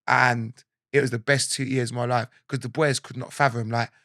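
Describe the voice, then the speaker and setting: A man in his forties with a South London accent, telling animated stories from his life in a casual interview and acting out what others said. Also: mid-range voice, a little fast, dry recording, studio quality. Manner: animated storyteller, acts out quotes, laughs often. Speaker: guest.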